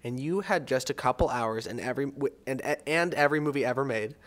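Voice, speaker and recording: A man's voice: mid-range voice, quick pace. Offhand young man reading questions. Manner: offhand, stumbling while reading aloud. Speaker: producer reading listener questions. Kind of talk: casual chat. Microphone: headphones at the desk mic.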